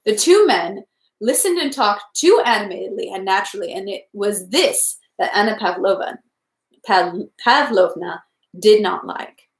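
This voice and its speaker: A woman's voice: medium pitch, lively intonation, moderate pace. Woman reading a novel aloud, echoey. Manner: careful, stumbles over French words. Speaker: reader. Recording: echoey room.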